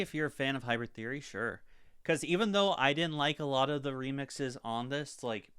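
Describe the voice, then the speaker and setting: A young man talks through an album review in a loose, upbeat way, tossing in plenty of casual fillers. His voice is smooth and crisp, recorded close and dry with no room sound. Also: mid-range voice, a bit bright, no echo.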